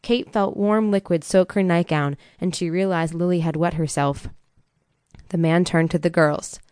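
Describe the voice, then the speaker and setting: A woman reads a thriller audiobook in steady, measured narration. Her voice sits on the low side for a woman. The recording is dry and close, with no room sound. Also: clean tone, no room sound. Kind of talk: scripted narration.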